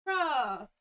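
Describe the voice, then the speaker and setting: A young adult woman streamer chatting casually and excitably while playing a game, laughing and swearing freely, with game music behind. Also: high voice.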